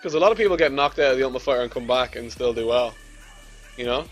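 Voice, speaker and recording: A young man with a mid-range voice talks quickly through casual commentary on his own video game match. Brash and foul-mouthed, he mocks his opponent and yells when he's losing, with faint music behind him.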